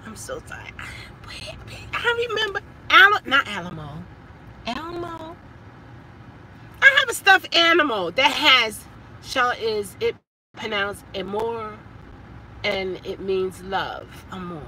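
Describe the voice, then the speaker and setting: Animated, chatty woman. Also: on the high side, slow pace, long pauses, background noise. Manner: chatty, animated, stumbling over words. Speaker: vlogger and rideshare driver. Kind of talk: casual chat.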